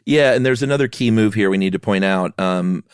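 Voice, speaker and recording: Lively low-voiced male podcast co-host. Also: a little fast, clean tone, dry recording, clean studio sound. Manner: animated, acts out quoted townspeople. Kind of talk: casual storytelling chat.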